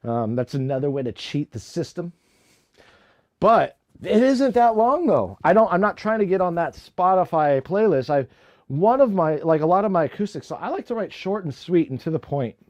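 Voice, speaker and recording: A man's voice: fairly high pitch, sing-song, normal speed. A man chatting casually on a livestream about writing his songs, laid-back and rambling. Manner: laid-back and rambling, full of "like" and "you know". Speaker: musician streaming his songwriting. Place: home recording room. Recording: echoey room with loud music. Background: loud rock music with guitar.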